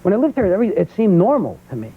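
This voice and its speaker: A man in his thirties with a New York accent, a comedian guest on a talk show telling stories and jumping into loud character voices. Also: sits high, huge pitch swings, very fast, breathy edge. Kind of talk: talk show stand-up storytelling. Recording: tinny phone-like old VHS audio with faint hiss.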